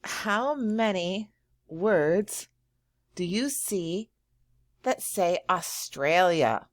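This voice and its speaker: A woman teacher giving a slow, encouraging lesson to young children, drawing out words and praising often. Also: fairly low pitch, animated, dry recording, studio quality. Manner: drawn-out words, frequent praise and thinking hums.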